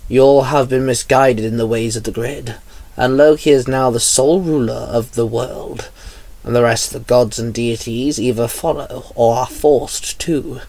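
A solemn knight speaks in formal, measured sentences, as a man reads his part. His voice sits in a middle pitch. The sound is dry. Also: steady tone, a little mellow, dry recording, close to an everyday voice. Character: solemn male knight, the Silver Morphing Master.

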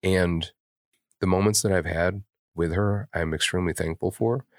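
A man's voice: low-pitched, fairly even intonation, normal speed, dry recording, clean studio sound. A man co-hosting a podcast, talking candidly in casual chat with blunt, heavily profane, openly emotional speech. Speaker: podcast co-host.

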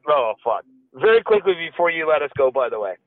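Slightly fast and sing-song, this man's fairly high voice belongs to a podcast co-host. He tells a story packed with swearing and laughter during casual chat, captured in a dry, phone-like lo-fi recording.

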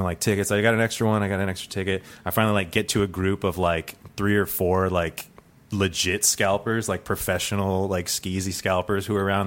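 A man with a low voice tells a true story as a guest on a comedy podcast. He rambles, piles on fillers and restarts, and keeps laughing at his own tale. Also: fairly bright tone.

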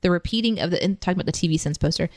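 A woman's voice: on the low side, racing, a little mellow, dry recording, clean studio sound. A woman co-hosting a podcast, talking in a chatty, joking way. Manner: chatty, joking, laughs easily. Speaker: podcast co-host. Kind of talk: casual chat.

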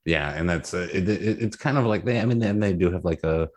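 A man co-hosting a podcast in playful casual chat, his voice jumping up on emphasis. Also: fairly quick. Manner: playful, jumps up in pitch on emphasis. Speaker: podcast co-host.

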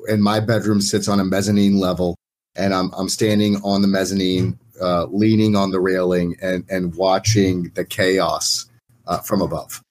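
A man's voice: low-pitched, level tone, normal speed, a little mellow. A man playing in a tabletop game, thinking aloud and hesitating as he describes his moves. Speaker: player. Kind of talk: tabletop role-play.

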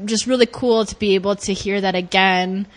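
A young woman hosting a podcast in a casual, bubbly chat, laughing often and swinging her pitch widely. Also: fairly even intonation, moderate pace. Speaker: podcast host and life coach.

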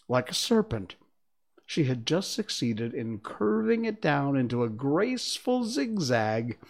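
A reader narrating a children's storybook in an expressive, lively way. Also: medium pitch, unhurried, gravelly. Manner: expressive, slipped once on a word.

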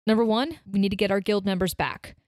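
A woman's voice: mid-range voice, fast, darkish tone, no room sound, clean studio sound. A woman playing a tabletop game, taking charge and laying out plans point by point. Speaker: player.

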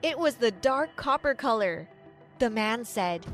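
High-voiced woman narrating a story. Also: lively intonation, measured pace, fairly bright tone, faint music behind. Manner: dramatic storytelling, quotes voiced lightly. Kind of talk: first-person story narration.

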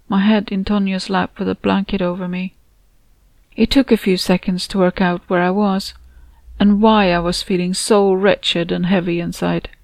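A woman reading her own story aloud in a measured, steady storytelling voice. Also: fairly low pitch, no echo. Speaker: author and narrator. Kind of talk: audiobook narration.

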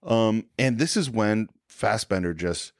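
A man with a lowish voice talks through a film scene by scene, his pitch rising and falling a lot. Now and then he acts out a quoted line. The sound is dry and close, with no room around it. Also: expressive, unhurried, dry recording. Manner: retells scenes, briefly acting out quoted lines. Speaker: podcast co-host. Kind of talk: casual film discussion.

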